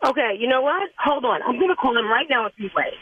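A woman's voice: on the high side, animated, fast, slightly rough, no echo. Upset woman on a tinny phone line. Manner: upset, accusing. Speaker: wife on the call.

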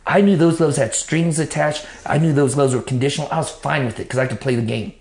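A man's voice: a little high, fast talker, a little mellow. Profane man telling his story, roomy sound. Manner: blunt and profane, acts out what he told himself. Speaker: interview guest. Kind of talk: personal storytelling, casual talk. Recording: roomy echo.

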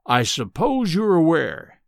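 A man reading an audiobook, voicing a domineering, insolent bearded professor with a rumbling, scornful voice. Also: huge pitch swings, takes it slowly, gravelly, dry recording, studio quality, heavily acted. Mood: menacing calm.

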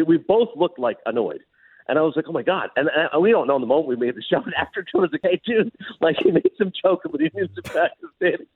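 A man from Canada, a regular guest on a call, telling a story in an animated, laughing way. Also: on the high side, breathy edge, dry recording. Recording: thin phone line.

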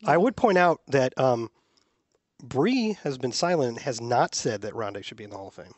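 A man hosting a casual sports panel chat, opinionated and measured, laughing easily. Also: medium pitch, very animated, dry recording, highs cut off. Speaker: sports podcast host.

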